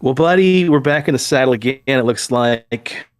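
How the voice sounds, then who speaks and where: A man's voice: mid-range voice, steady tone, moderate pace. A man co-hosting a podcast in easygoing, buddy-like casual chat, calling his partner pal and dude. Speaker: podcast co-host.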